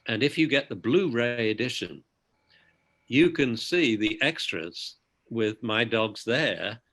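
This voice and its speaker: A man's voice: medium pitch, animated, takes it slowly, a bit bright. A man, a dog trainer guest on a video call, telling anecdotes casually and often adding "you know".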